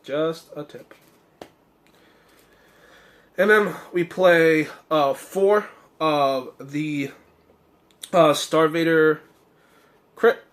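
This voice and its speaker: Young male deck reviewer, slightly higher voice, hoarse, rambling casual delivery full of "um" and "uh". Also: fairly even intonation, very slow, long pauses, fairly bright tone. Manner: rambling, many fillers and self-corrections. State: slightly hoarse, losing his voice. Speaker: card game deck reviewer.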